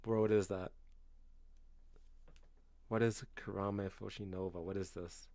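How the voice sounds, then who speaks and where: A man's voice: low-pitched, steady tone, unhurried, dry recording. A man in his twenties from Canada, a football fan streamer chatting casually with viewers, blunt and slangy, calling everyone bro and swearing freely. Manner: gets loud and incredulous in bursts. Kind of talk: casual livestream chat reacting to viewers.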